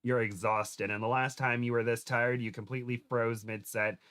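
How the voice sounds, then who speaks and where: A man's voice: medium pitch, little pitch movement, moderate pace, a bit bright. A young man chatting casually with a co-host, laughing often, then reading a fan fiction story aloud. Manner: giggly, self-deprecating, laughs often.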